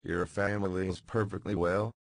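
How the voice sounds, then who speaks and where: A male narrator voicing a kindly older magistrate, gentle yet grave, who speaks in formal, measured sentences with a deep low voice. The audiobook reading is dry and close, with no room sound around it. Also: little pitch movement, no echo.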